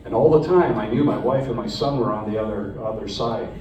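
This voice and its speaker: Low-voiced Canadian man telling his story. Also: a little fast, lo-fi sound, background noise. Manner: earnest, conversational, with frequent restarts. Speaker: speaker recounting his captivity to an audience. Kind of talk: personal storytelling talk. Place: hall with a live audience. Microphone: phone recording from the audience. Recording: distant, echoey phone recording in a hall.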